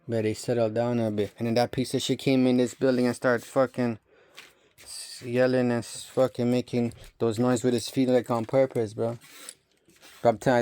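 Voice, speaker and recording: Flat-voiced man ranting casually. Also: mid-range voice. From Romania. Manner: profane, rambling rant, says bro and dog constantly. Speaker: vlogger. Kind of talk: casual rambling monologue.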